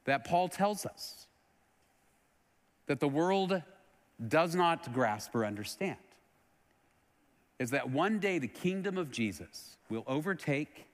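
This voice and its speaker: Texas-raised pastor preaching in a reverberant hall. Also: male voice. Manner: earnest preaching that swells loud then drops low and soft. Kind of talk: sermon. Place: church sanctuary.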